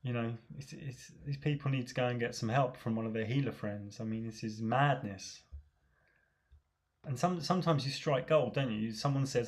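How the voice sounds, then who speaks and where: A man with a mid-pitched voice rattles off a comic rant monologue at normal speed, thick with sarcasm. His delivery is casual and matey as he scoffs and mocks his way through it.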